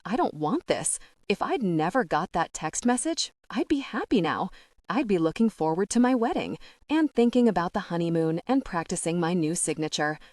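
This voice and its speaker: A woman's voice: lowish voice, no echo, studio quality. A woman narrating a romantic comedy audiobook in the first person, wry and conversational.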